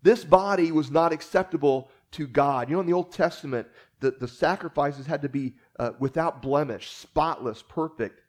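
Relaxed, joking preacher, a touch high. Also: male voice, normal speed, hardly any pauses. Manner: conversational preaching with jokes and frequent fillers. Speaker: pastor. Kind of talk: sermon.

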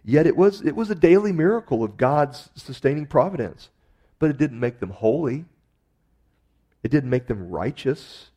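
A male pastor preaches in a relaxed, conversational manner at normal speed, his mellow, dark voice sitting at a middle pitch. He lifts and presses on key phrases, giving his sermon emphatic rises.

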